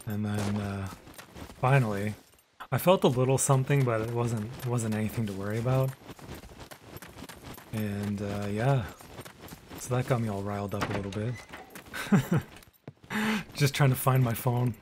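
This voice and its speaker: A man streaming a video game live, chatting casually with viewers, relaxed and rambling, often trailing off into quiet mumbles. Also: mid-range voice, a little slow, pauses often, background noise.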